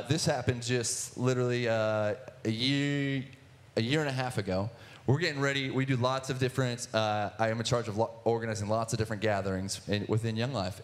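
A young man in his twenties telling his personal testimony in church, earnest, with many restarts and filler words. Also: medium pitch. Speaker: guest speaker sharing testimony.

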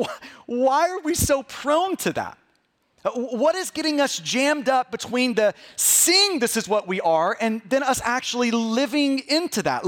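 A middle-aged man delivering a sermon in a notably high voice. He repeats words as he begins his sentences and keeps his delivery animated. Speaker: pastor.

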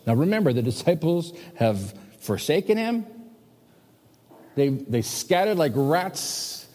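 A pastor in his fifties preaching a sermon, emphatic, swinging between loud and hushed. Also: fairly high pitch. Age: 50s. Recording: long hall reverb.

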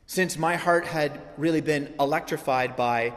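A man preaching a sermon as pastor, telling stories in an animated, lively way. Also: a little high, a little slow. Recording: long hall reverb.

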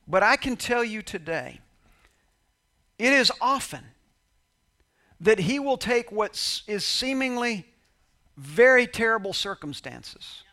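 A man's voice: high-pitched, sing-song, slow pace, long pauses, sharp tone. A male pastor telling a personal story in a sermon, acting out bits of dialogue and joking with his congregation. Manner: conversational preacher, quoting dialogue, laughing with congregation.

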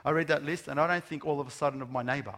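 A man delivers a sermon in a somewhat higher voice than most men. He leans on rhetorical questions and slows down to stress each word of a list. A long hall reverb trails behind every phrase. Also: steady tone, fairly bright tone. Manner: emphatic, rhetorical questions, slow stressed lists of words. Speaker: pastor. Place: large room with an audience.

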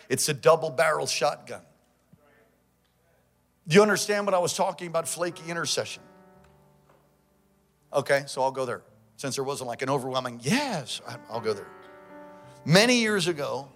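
A man preaching a sermon as pastor, with fervent call-and-response that swings between shouting and quiet storytelling. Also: fairly high pitch.

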